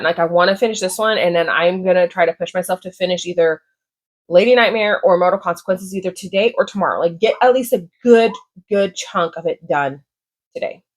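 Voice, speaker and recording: A young woman talks casually to her viewers about books she has read, gushing and emotional, filling her sentences with "like". Her voice sits a little low for a woman. The sound is dry and close, with no room echo. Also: brisk. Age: young adult. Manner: emotional, gushing, many fillers like "like". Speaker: book vlogger. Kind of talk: casual chat.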